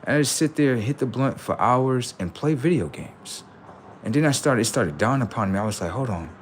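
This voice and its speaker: A man hosting a livestream, telling casual stories to his viewers in an animated way, swearing freely and acting out voices. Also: medium pitch, brisk, a little hiss or hum. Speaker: livestream host.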